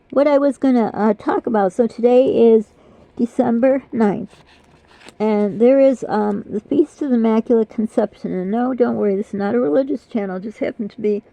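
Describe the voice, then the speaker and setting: A woman's voice: on the high side, creaky, warm tone, no room sound. An older woman vlogger chatting casually and rambling, apologetic and self-deprecating, talking through pain in her mouth. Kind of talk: casual chat. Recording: dull lo-fi dry sound.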